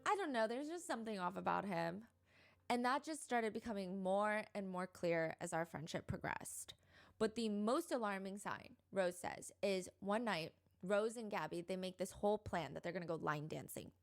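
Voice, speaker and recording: A woman's voice: mid-range voice, moderate pace, gravelly. A young woman casually retelling a true crime case, chatty and full of fillers, sometimes quoting the people involved. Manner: chatty, filler-heavy retelling with quoted voices.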